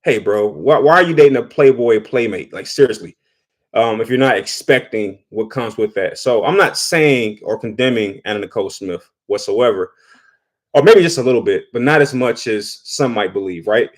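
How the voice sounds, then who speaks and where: A man's voice: medium pitch, expressive, normal speed. Chatty man reacting on camera. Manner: conversational, repeats words while thinking. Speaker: vlogger. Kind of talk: casual commentary.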